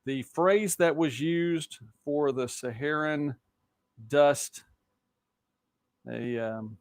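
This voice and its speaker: Chatty Southern host, dry close sound. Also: male voice, a little high, drawn-out words, dry recording. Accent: Southern US, softened. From born in Texas. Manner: chatty, rambling, reacts to viewer comments. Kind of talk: casual live-stream talk show. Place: home studio.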